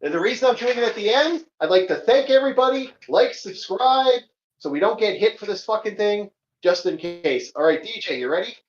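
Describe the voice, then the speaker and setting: A man's voice: sits high, animated, a little fast, dull audio. A man hosting a casual group voice call, loose and joking, swearing casually, recorded on a home computer mic. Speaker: host.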